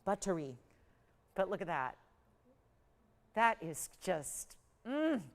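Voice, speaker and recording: A middle-aged woman hosting a live TV shopping show, giving an enthusiastic, emphatic sales pitch in a studio. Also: big pitch swings, slow, vocal fry. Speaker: shopping channel host.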